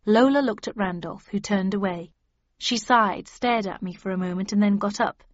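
A woman's voice: mid-range voice, normal speed, dry recording, highs cut off. A woman narrating a novel, shifting her voice for each character. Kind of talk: audiobook narration.

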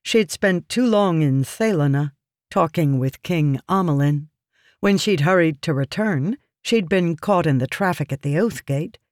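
Slow, measured audiobook narrator. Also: mid-range voice, animated, darkish tone, no room sound, clean studio sound. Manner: measured, deliberate reading. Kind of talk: scripted fantasy narration.

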